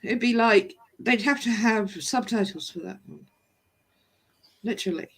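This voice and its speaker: A woman's voice: a little high, unhurried, vocal fry, fairly bright tone. A woman chatting casually on a live stream as co-host, laughing often and mimicking regional accents.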